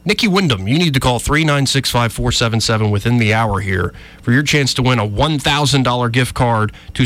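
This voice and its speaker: A man hosting a local talk radio show, ranting with a wry, animated manner, in a radio studio. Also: medium pitch.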